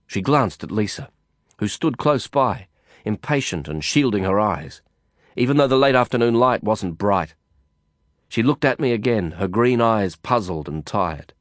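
A man reading a novel aloud in first person, measured and reflective. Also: lowish voice, lively intonation, dry recording, studio quality. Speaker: audiobook narrator. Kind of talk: first-person audiobook narration.

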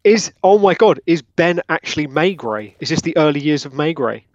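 A man's voice: a little high, animated, moderate pace, no room sound. Guy teasing his friends at a game table, dry dull mic. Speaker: player. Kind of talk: casual tabletop chat.

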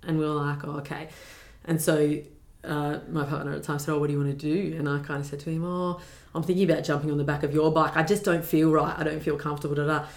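A young woman with a deep voice and a gravelly edge recounts a personal story as a podcast guest. She is earnest and reflective and pauses on fillers. The room around her is echoey. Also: flat delivery.

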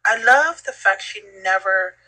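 A woman's voice: medium pitch, expressive, measured pace, bright, forceful tone, rough recording. A middle-aged woman telling a heartfelt, reflective story in a casual chat as a podcast guest. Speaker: podcast guest, host's mother.

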